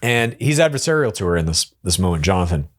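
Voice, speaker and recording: A man hosting a casual reality show recap, chatty and opinionated, with quick asides. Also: low-pitched, big pitch swings. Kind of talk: casual episode recap commentary.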